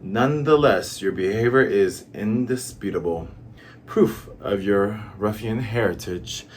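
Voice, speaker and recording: A man voicing a cold, scheming male butler who talks low, hushed and slow. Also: slight background noise, natural voice. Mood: scornful.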